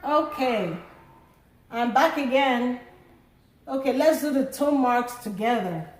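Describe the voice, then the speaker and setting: A woman teaching a language lesson, drawing words out slowly and sounding their tones in drills. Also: sits high, echoey room, low-quality recording. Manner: drawn-out sung word drills. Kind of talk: slow tone-marking lesson.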